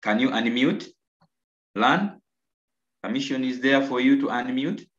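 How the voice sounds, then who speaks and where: A Ugandan man teaching an online English lesson, slow and coaxing, repeating answers and praising his pupils. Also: medium pitch, fairly bright tone. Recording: roomy, dull lo-fi video call audio.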